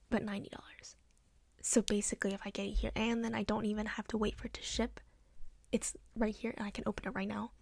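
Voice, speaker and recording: A young woman with a breathy, half-whispered voice, rambling chattily through a soft-spoken ASMR story with lots of "like". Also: on the high side, no echo. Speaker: ASMR creator.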